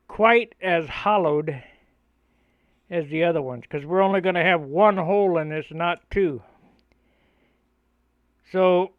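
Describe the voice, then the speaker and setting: Older man, slow rambling workshop storyteller. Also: high-pitched, smooth, dry recording, dull audio. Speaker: model airplane builder. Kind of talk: casual storytelling while building.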